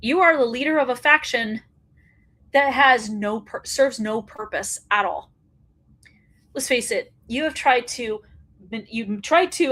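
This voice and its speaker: A woman's voice: high-pitched, normal speed, fairly bright tone. A woman hosting a wrestling commentary show, ranting bluntly and profanely, fired up.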